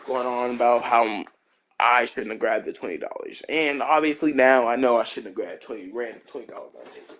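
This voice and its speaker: A man's voice: medium pitch, a little fast, fairly bright tone. A man streaming a game who tells a childhood story in a rambling, slangy way, full of fillers and restarts. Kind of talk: casual storytelling while gaming.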